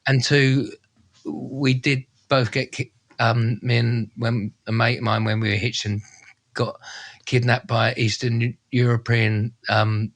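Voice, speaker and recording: A man, a travel presenter telling a story in casual, slangy, animated style. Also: medium pitch, unhurried. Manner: animated, slangy, acts out voices and sounds. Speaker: travel presenter and podcast co-host.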